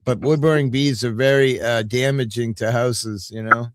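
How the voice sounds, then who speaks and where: A man's voice: mid-range voice, steady tone, normal speed, no echo. An older man hosting a casual livestream, rambling through stories and swearing freely. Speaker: livestream host.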